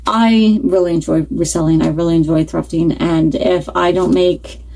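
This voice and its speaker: Chatty woman with a low, mellow voice. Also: fairly even intonation, moderate pace, creaky, low-quality recording. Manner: rambling and conversational, thinking aloud. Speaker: reseller vlogger. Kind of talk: casual chat to camera.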